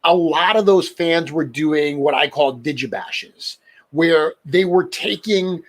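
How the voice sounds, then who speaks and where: A middle-aged man with a New England accent hosts a chatty podcast about collecting. His voice sits a bit high for a man, and he rambles easily and laughs at his own stories. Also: slow pace. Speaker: podcast host. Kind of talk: casual chat about toy collecting.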